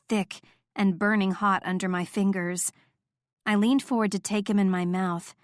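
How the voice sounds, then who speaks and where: Soft and intimate, a woman reads a first-person romance audiobook in a mid-pitched voice. The mic is close, and there's no room sound at all.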